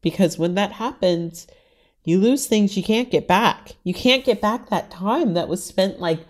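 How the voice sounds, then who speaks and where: A woman's voice: mid-range voice, unhurried. A woman from the Washington, D.C. area, talking frankly and chattily as an interview guest. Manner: frank, chatty, heavy use of "like". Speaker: interview guest, writer and stylist. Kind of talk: candid personal interview conversation.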